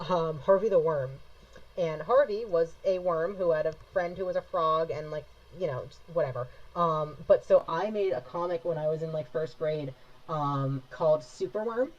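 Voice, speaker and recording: Young woman, low voice, rambling casual chat while drawing, dull lo-fi audio. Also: a little mellow. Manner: rambling, chatty, reads and answers chat. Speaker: streamer drawing live.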